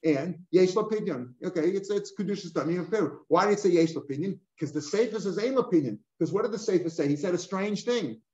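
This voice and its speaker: An older man teaching a Talmud class line by line, animated and full of rhetorical questions, mixing in Hebrew and Aramaic terms. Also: sits high, fairly quick, hardly any pauses. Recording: echoey room, dull lo-fi sound.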